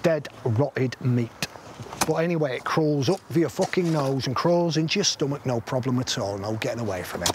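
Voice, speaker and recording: A man's voice: medium pitch, animated, moderate pace, noisy background, close to an everyday voice. An actor playing a blunt, middle-aged army veteran who swears constantly and rambles through grim stories, asking "right?" as he goes. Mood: disgusted. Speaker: soldier telling a war story. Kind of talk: film drama acting.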